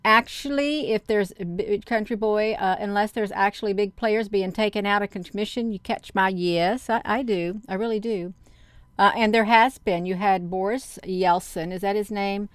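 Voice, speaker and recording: A woman's voice: mid-range voice, moderate pace, clear, resonant tone, no room sound. A woman chatting casually to her viewers, rambling through online rumors with lots of fillers, calling them "you all.". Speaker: vlogger.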